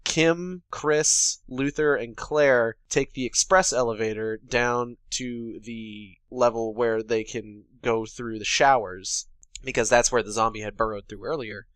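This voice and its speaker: A man's voice: medium pitch, unhurried, fairly bright tone, clean tone, dry recording. Profane, sarcastic man recapping a movie. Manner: sarcastic, profane, paraphrases characters in quotes. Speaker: podcast co-host. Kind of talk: casual recap chat.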